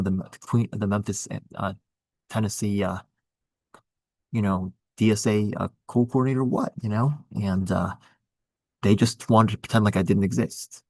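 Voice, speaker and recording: In a casual political chat, a man running for office talks through his campaign earnestly but in a rambling way, frequently starting over. His voice is on the low side with vocal fry, fairly even intonation and a moderate pace, and there's no echo.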